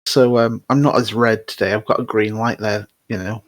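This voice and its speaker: A man's voice: on the low side, steady tone, normal speed, no room sound. Chatty man with a dry, close sound. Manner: chatty, laughs often, stumbles over restarts. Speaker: podcast host. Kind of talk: casual sports podcast chat.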